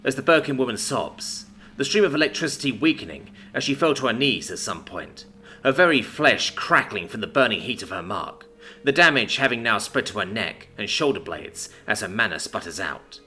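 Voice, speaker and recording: A man giving a scripted, expressive dramatic reading of a fantasy story. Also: mid-range voice, normal speed. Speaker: story narrator. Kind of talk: scripted narration.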